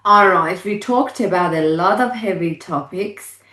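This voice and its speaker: A woman, not a native English speaker, hosting a podcast. She talks slowly and encouragingly and laughs readily. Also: lowish voice, pushed and bright. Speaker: podcast host. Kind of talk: casual interview chat. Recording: roomy echo.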